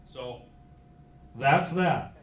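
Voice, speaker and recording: Folksy middle-aged man in a roomy hall. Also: medium pitch. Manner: folksy, joking, halting with fillers. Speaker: county sheriff giving a history talk. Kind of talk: informal public talk. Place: meeting hall. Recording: roomy hall with faint hiss.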